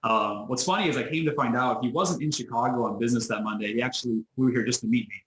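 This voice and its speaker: A man being interviewed over a video call, telling a story in a lively way, acting out the people he quotes and often restarting his sentences. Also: medium pitch, quick pace. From United States. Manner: animated storyteller who acts out quoted voices, frequent restarts. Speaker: interview guest, business owner. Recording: roomy echo.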